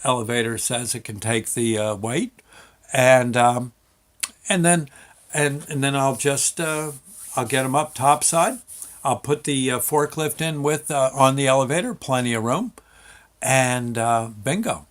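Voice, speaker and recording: A show host rambles casually through a story from his working life, full of fillers and restarts. His voice is mid-range and a little slow.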